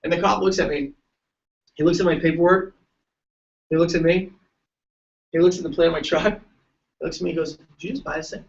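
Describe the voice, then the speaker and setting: A man's voice: fairly high pitch, steady tone, brisk, creaky, long pauses, far from the mic, muffled recording. A man giving a joking, story-filled motivational talk to students at a large event. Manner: joking, tells stories, laughs often. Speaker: keynote speaker.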